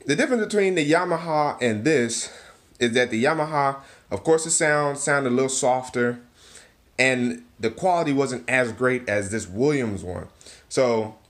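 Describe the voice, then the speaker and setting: A young man vlogging in a casual, laid-back way with slangy, self-deprecating asides, recorded in a cluttered room at home. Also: medium pitch. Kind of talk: casual product walkthrough.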